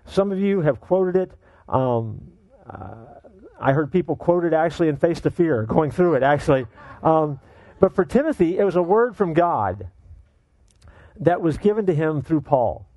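A man preaching with a high voice that swoops up and down, playful and quick to joke. He keeps asking his listeners questions as he builds the sermon, recorded dry and close with no room around him. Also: dry recording, highs cut off. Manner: animated, joking, full of rhetorical questions. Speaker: pastor.

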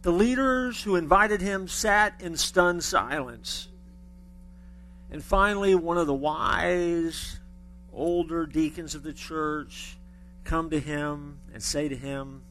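A man's voice: fairly high pitch, animated, slow, pushed and bright, soft background music. A man preaching a sermon to a church congregation in a conversational way, with joking asides and frequent restarts. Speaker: pastor.

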